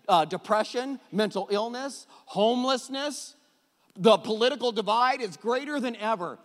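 A middle-aged man preaching a sermon, animated and jokey, often repeating words as he goes. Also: sits high, in a large hall. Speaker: pastor. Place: church hall.

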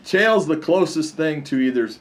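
A man's voice: a little high, lively intonation, moderate pace. A man co-hosting a casual combat-sports talk show, telling stories animatedly and laughing often. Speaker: co-host, fight commentator. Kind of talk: casual chat.

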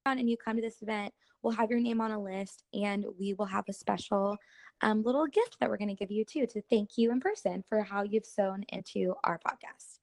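A young woman chatting on her podcast, earnest and quick to fill pauses with "like". Her voice has a slight gravelly fry. The sound is dry and close, with no room around it. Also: mid-range voice, darkish tone, no echo. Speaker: podcast co-host. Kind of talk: casual faith podcast chat.

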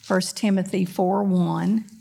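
A woman preacher delivering a sermon with a mid-range voice. She swings from loud, emphatic declarations into quick, offhand asides. She keeps turning to the congregation with questions. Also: medium pitch, steady tone, vocal fry.

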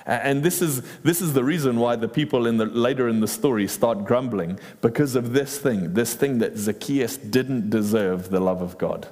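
A man preaching a sermon in a lively, animated way, acting out quoted lines in playful voices. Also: mid-range voice, moderate pace, hardly any pauses. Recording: long reverb in a large hall.

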